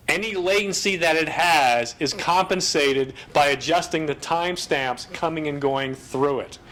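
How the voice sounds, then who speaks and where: A man giving a technical conference presentation, explaining terms in a brisk, fast-bursting way. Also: fairly high pitch, fairly bright tone.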